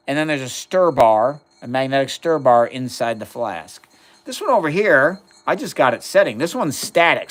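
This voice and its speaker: Fifty-something guy on a science livestream, kinda high voice, chatty and excited, explaining chem stuff to chat. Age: 50s. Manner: enthusiastic, answers viewer chat questions, explains plainly. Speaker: chemistry livestream host. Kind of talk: casual live-stream chat while doing experiments.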